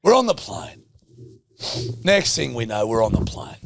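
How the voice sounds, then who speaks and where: A man's voice: medium pitch, very animated, unhurried, vocal fry. A man co-hosting a podcast in casual chat, teasing, swearing freely and laughing often. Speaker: podcast co-host.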